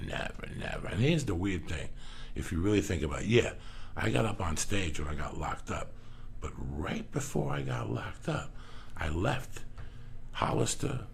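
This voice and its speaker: A middle-aged man with a deeply gravelly, rough voice spins profane stories as a podcast guest. His delivery swings up and down in a lively way as he curses freely and acts out the people in his tales. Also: slight background noise. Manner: animated, swearing constantly, acting out other voices. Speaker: comedian guest.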